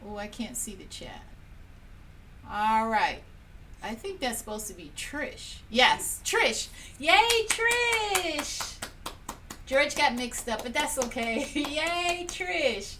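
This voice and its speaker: High-voiced woman chatting on a live stream. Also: animated, slow. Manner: chatty and cheerful, laughs often, talks straight to viewers. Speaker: host of a live painting stream. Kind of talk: casual live-stream chat, running a prize drawing. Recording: a little distant from the mic, faint room noise.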